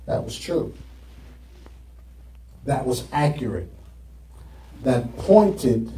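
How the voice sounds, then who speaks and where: A man's voice: medium pitch, mellow. A man preaching a sermon to his congregation, asking them questions and waiting for their answers. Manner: call-and-response preaching, asks the congregation questions. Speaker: pastor. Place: church sanctuary. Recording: echoey church from far off.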